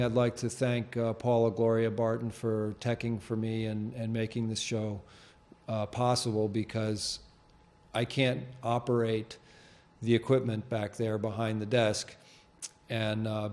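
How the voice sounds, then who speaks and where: A man's voice: fairly low pitch, level tone, a little slow, darkish tone. A man hosting a public access TV show from a studio, talking off the cuff with many fillers and restarts. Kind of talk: casual unscripted presentation. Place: TV studio with green screen.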